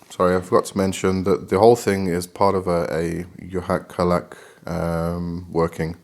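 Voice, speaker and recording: A man with a deep, fairly monotone voice talks through a practice step by step. His delivery is relaxed and halting, full of fillers and restarts. He slips into a steadier reading tone when quoting text. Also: gravelly. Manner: rambling, hesitant, many fillers; reads book passages aloud in a measured tone. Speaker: occult teacher. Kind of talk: casual instructional talk.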